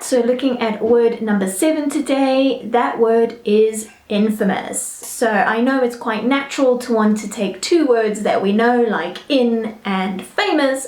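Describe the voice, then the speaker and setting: A woman with a British English accent teaching English pronunciation in a chatty way, often checking in with "all right?" and slowly modelling each word. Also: on the high side, roomy sound. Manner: slow, careful model pronunciations. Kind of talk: online English lesson.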